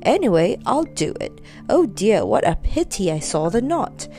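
A woman's voice: medium pitch, sing-song, moderate pace, dark tone, faint music behind, close to an everyday voice. A woman voicing a fussy, forgetful old husband who frets and exclaims. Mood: fretful. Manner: fretful, exclaiming.

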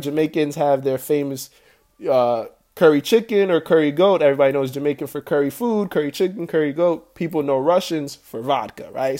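A man's voice: fairly high pitch, darkish tone. Chatty young man hosting a podcast. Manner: chatty, keeps asking "right?", slangy. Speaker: podcast host. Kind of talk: casual solo commentary.

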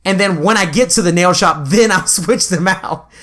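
A man's voice: high-pitched, normal speed. A man co-hosting a casual podcast, telling stories with lots of swearing and acted-out quotes. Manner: animated storyteller, swears often, acts out quotes. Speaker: podcast co-host. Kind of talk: casual chat, storytelling.

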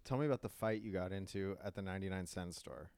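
A man, a comedian, in casual chat, teasing in a wry, deadpan way. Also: sits low, fast, vocal fry, smooth, no room sound.

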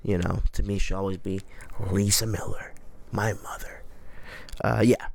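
A man's voice: on the low side, little pitch movement, unhurried, vocal fry, darkish tone. A man in his twenties hosting a casual podcast, a little drunk, rambling, swearing and mocking himself. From United States. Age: 20s. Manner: rambling, profane, self-mocking. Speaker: podcast host. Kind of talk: casual solo podcast monologue.

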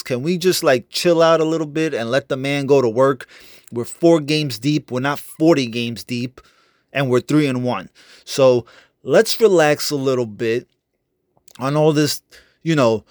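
A young man rants about his baseball team in a loose, profane, fired-up way, piling on fillers and false starts. His voice sits at an ordinary middle pitch, recorded dry and close with no room sound. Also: no room sound. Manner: profane, fired-up trash talk with many fillers and restarts. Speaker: sports fan vlogger. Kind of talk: casual fan rant.

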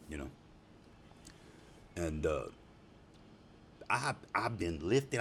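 A middle-aged man with a very low voice talks in a loose, rambling way, full of swearing and laughter, that turns tender when he speaks of his family. It is a personal video message with faint noise in the background. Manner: profane, rambling, laughing, emotional.

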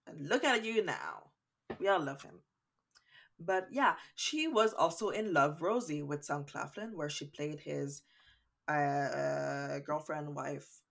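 Chatty low-voiced young Canadian woman. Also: slow, vocal fry, fairly bright tone. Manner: chatty, rambling with fun facts. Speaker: podcast co-host. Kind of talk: casual chat.

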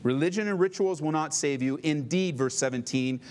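A male pastor delivers a sermon in an animated, conversational way, reading scripture slowly and deliberately. His voice sits a bit high for a man, with light noise in the background.

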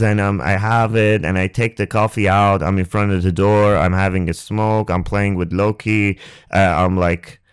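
A man hosting a podcast and telling a painful personal story. He speaks haltingly and emotionally, restarts often and swears, close to the mic. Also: on the low side, clean tone, no echo. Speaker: podcast host. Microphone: close ASMR microphone.

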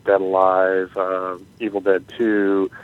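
A man's voice: low voice, monotone, slow, smooth. A man from Florida leaving a chatty voicemail, listing upcoming events with plenty of ums. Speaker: voicemail caller. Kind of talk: casual voicemail plug. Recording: tinny phone-line voicemail.

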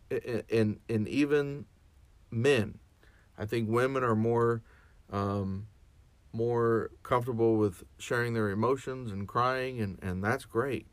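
A man's voice: mid-range voice, no echo. A man speaking as a chaplain in a reflective podcast monologue, earnest and often restarting and repeating his words.

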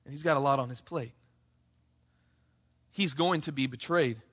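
A man preaching a sermon to his church, passionate, calling out to the congregation and rising to near shouts. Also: mid-range voice, moderate pace, muffled recording. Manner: impassioned, rising to near shouts on quoted cries; addresses congregation as "church", frequent "right?". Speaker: pastor.

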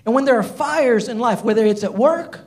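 A man preaching a sermon, retelling a Bible story in animated, casual storytelling with lots of "like". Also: very high voice, moderate pace. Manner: animated storytelling, many fillers like "like". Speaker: pastor.

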